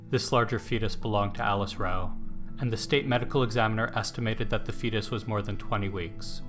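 A man hosting and narrating a documentary in a calm, scripted reading. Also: medium pitch. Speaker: host and narrator.

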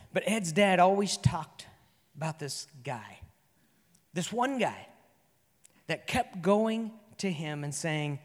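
Pastor guy with a high voice telling a story in a sermon, goes loud then soft, church reverb. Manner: storytelling, earnest, shifts between loud and soft. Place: church sanctuary.

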